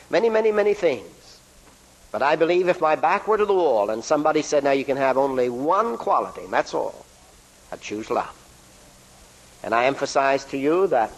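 A man's voice: mid-range voice, rough recording. Emphatic middle-aged male preacher. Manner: emphatic preaching with sudden pace shifts and slow drawn-out stresses. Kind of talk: sermon.

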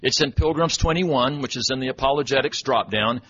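A man's voice: medium pitch, fairly quick, sharp tone, slightly rough. A man from Texas giving a folksy, self-deprecating storytelling talk at church, chuckling as he goes. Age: 40s. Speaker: church speaker and webmaster. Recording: dull lo-fi recording with faint noise.

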